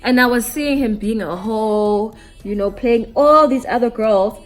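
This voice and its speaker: A woman's voice: fairly high pitch, a little slow, few pauses, soft background music. A young woman telling a candid storytime to her viewers while doing her makeup, casual and slangy. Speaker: beauty vlogger.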